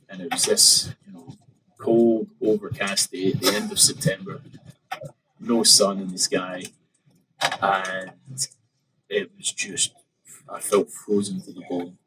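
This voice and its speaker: A man with a low voice, chatting as a podcast guest. He retells a story in a lively way, acting out his own thoughts, with plenty of ums and likes. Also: measured pace, a little hiss or hum, poor audio. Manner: animated, retelling with quoted inner thoughts and many fillers. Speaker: podcast guest, open water swimmer. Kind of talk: casual interview storytelling.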